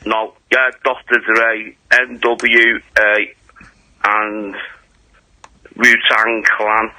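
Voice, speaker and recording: A man's voice: lowish voice, completely flat delivery, very slow, pushed and bright, dry recording, low-quality recording. A man with an English accent calling a radio phone-in, his speech slurred, rambling and mumbly. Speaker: caller. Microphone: phone line.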